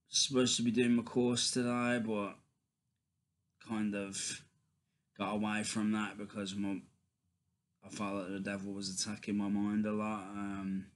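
A man talking casually to his viewers in a faith vlog, halting, with many ums and restarts. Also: fairly low pitch. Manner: addresses viewers as guys. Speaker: vlogger.

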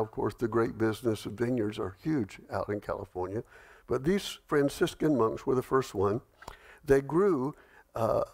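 A man's voice: medium pitch, a little mellow. A middle-aged male pastor leading a Bible study, telling folksy stories and reading scripture aloud.

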